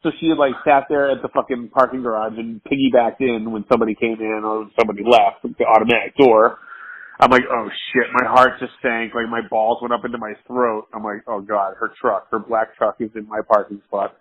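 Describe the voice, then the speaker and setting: A man's voice: medium pitch, level tone, fairly quick, slightly rough. A drunk man telling a rambling, profane story over the phone, laughing often. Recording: muffled phone line.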